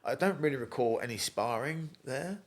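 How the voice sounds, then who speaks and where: A middle-aged man from England with an English accent gone a little Australian, telling rough, funny stories in a relaxed interview. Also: mid-range voice, normal speed. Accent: English, softened toward Australian. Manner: chatty yarn-spinner, swears freely, laughs through stories. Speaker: guest, gym founder. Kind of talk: casual storytelling interview.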